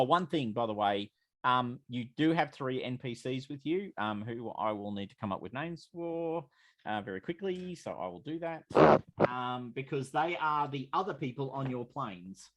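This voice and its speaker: A man's voice: mid-range voice, animated, moderate pace, a bit bright, no echo. A man running a tabletop role-playing game as game master, narrating the scene with many fillers and restarts.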